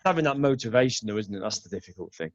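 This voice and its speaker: A man hosting a casual interview, talking quickly and repeating words as he goes. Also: lowish voice, animated, no echo. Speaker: podcast host. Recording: dull dry call audio.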